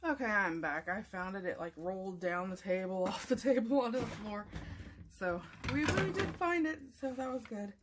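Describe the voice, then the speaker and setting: In a craft tutorial, a woman with a medium-pitched voice talks at a normal speed, chatting casually and meanderingly to viewers as she works. She seems a little sleepy and yawns, with background noise audible.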